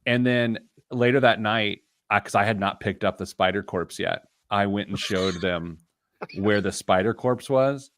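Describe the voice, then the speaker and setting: A man's voice: fairly low pitch, a little slow, slight background noise. A man hosting a casual radio show, telling jokey stories on a studio mic. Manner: animated storyteller, jokey. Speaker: host.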